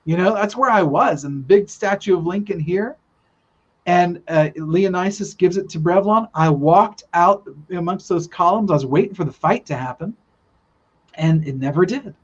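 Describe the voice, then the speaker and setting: A guest on a podcast, recorded with dull lo-fi sound, earnestly describes a spiritual vision at length in casual conversation. He speaks at a moderate pace in a high-sitting, husky voice, rambling and restarting often.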